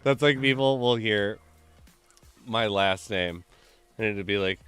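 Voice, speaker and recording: A man's voice: fairly low pitch, unhurried, pauses often, a bit bright, clear, resonant tone, soft background music. A man hosting a game stream, chatting casually and joking, with lots of "like" in his speech. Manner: rambling, joking, heavy use of "like". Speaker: gaming stream host.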